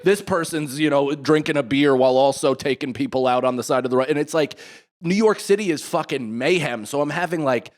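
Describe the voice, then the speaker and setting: A man's voice: a little high, a little fast. A man in his thirties co-hosting a podcast, telling a story with lots of swearing and acting out the people he quotes. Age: 30s. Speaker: podcast co-host. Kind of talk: casual chat.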